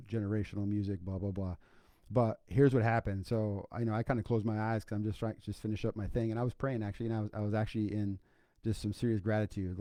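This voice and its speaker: A middle-aged man with a fairly low, warm voice hosts a faith podcast. He talks in a loose, folksy way, full of asides and check-ins with the listener. The sound is close and dry. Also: dry recording. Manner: casual, conversational, folksy with fillers and asides. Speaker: podcast host.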